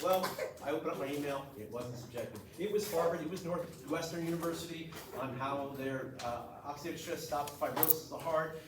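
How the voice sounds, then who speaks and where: A man's voice: on the high side, brisk, few pauses. A middle-aged man, a chiropractor telling his story bluntly and with animation to a group. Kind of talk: testimonial talk to a group. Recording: echoey room, mic far off, noisy.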